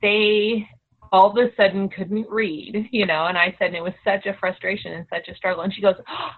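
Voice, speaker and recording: A middle-aged homeschooling mother telling a story in a casual, animated way, acting out the voices of the people she quotes. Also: medium pitch, fairly quick. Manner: animated, acts out quoted dialogue. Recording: tinny phone-like audio.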